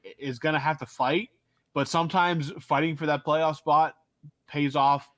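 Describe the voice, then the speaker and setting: A man's voice: a little high, normal speed, no room sound. Dry-sounding male podcast co-host. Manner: relaxed, rambling with fillers and restarts. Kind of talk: casual hockey chat. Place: Pittsburgh area.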